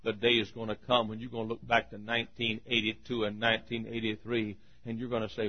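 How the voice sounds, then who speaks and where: A man preaching a sermon who swings between shouted peaks and hushed, drawn-out lows, often clearing his throat. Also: completely flat delivery, lo-fi sound. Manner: frequent throat clearing and coughs.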